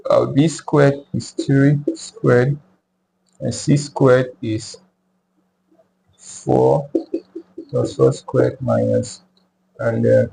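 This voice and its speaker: Guy explaining trig slow and careful, really gravelly low-key voice, says numbers twice, bit of hiss. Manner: slow and deliberate, repeats numbers aloud. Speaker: math teacher. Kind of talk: step-by-step math tutorial.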